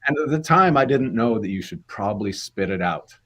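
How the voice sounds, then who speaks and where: A man's voice: on the low side, expressive, brisk, bright, forceful tone. A male actor telling rambling anecdotes in a casual interview, with many fillers and restarts.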